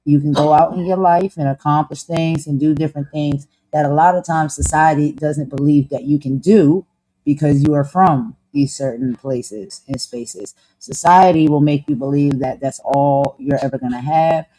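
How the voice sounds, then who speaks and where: A woman's voice: deep voice, steady tone, normal speed, mellow, rough recording. A woman host with a New Jersey accent, talking in a blunt, sassy, slang-heavy way. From Camden, New Jersey. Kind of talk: casual chat.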